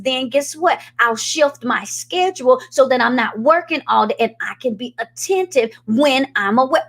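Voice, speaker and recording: A middle-aged woman preacher giving an animated, sermon-style teaching, addressing the congregation directly. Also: fairly high pitch. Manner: animated, call-and-response preaching.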